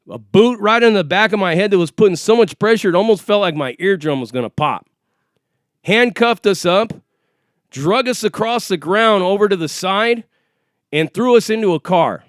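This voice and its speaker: A man's voice: high voice, fairly bright tone, clear, resonant tone, dry recording, studio quality. A man telling a story in casual, profane first-person speech, acting out the quoted voices as he goes. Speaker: storyteller recounting an arrest.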